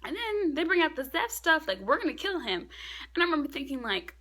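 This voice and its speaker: A young woman giving a casual, excitable review of a manga chapter, often dropping to a hushed whisper. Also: sits high, a little fast.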